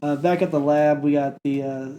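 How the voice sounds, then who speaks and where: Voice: mid-range voice, steady tone, moderate pace, warm tone, a little hiss or hum. A podcast co-host recapping a bad movie in casual chat, joking and acting out the characters.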